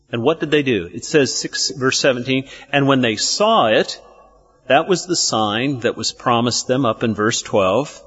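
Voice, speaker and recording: Slow-speaking preacher man, lo-fi. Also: mid-range voice, fairly bright tone. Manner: preaching with rhetorical questions. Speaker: pastor. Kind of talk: sermon.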